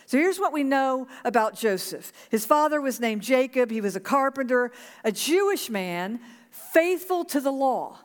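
A woman's voice: fairly high pitch, lively intonation, normal speed, long reverb tail. A woman pastor preaching a sermon to her congregation, earnest and urging them to repeat a prayer. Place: church sanctuary.

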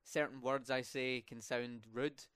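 A man's voice: medium pitch, fairly even intonation, a little slow, fairly bright tone. A young man from Scotland with a Scottish accent and rolled R's, chatting casually as a student podcast host, with many fillers and restarts. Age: young adult. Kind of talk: casual interview chat.

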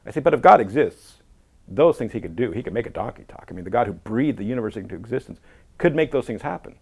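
A man's voice: medium pitch, expressive, quick pace, vocal fry, a little mellow, slightly rough. A man, a guest apologist, talking emphatically in a casual conversation and quoting others in voices. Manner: emphatic, quotes people in acted voices.

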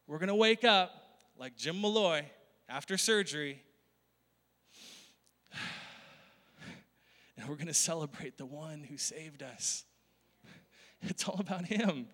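A man's voice: fairly high pitch, animated, slow, long pauses, a bit bright. A male pastor preaching a conversational sermon, often laughing and asking the crowd questions. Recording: long hall reverb.

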